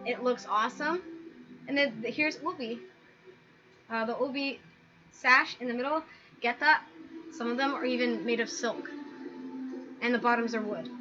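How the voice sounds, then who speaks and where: A woman hosting a casual commentary video, talking through pictures in an animated, exasperated rant full of "like". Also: on the high side, normal speed, long pauses. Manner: animated, exasperated ranting with frequent "like". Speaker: video host. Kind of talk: casual commentary over images. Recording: dull lo-fi sound with background music.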